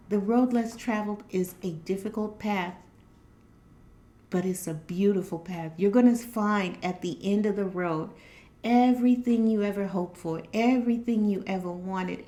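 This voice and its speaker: A woman's voice: medium pitch, warm tone. A woman giving an earnest, repetitive spiritual motivational talk to her viewers. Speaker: spiritual reader.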